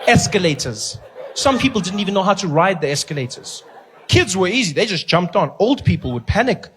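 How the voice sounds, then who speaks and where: A man performs a stand-up set, his voice sitting high for a man. He tells his story in an animated way and slips into put-on voices now and then. A faint hum of room noise sits under him. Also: fairly quick. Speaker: stand-up comedian.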